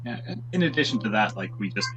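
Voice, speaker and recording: A man playing a video game while chatting, relaxed and explaining what he is doing. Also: lowish voice, fast, background noise. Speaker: co-host of a let's play, playing the game. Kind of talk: casual gameplay commentary.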